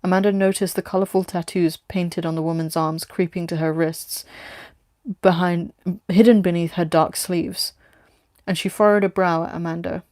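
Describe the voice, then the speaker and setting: A woman reading her own story aloud with steady, plain narration. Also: on the low side, moderate pace, no echo, studio quality.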